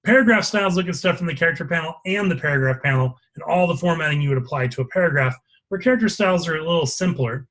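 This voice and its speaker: Male instructor, slightly high voice, walks through a screen demo step by step, asks for questions. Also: quick pace, few pauses, fairly bright tone. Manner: explains step by step, checking for questions. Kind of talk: live software lesson with screen demo.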